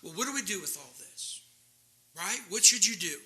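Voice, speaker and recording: A man preaching a sermon, swinging from quiet asides to loud, impassioned reading of scripture. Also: high voice, lively intonation, moderate pace.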